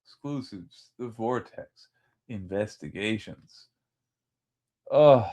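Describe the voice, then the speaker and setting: A man casually commenting on videos during a live stream, amused and thinking aloud with pauses. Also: fairly low pitch, expressive, warm tone.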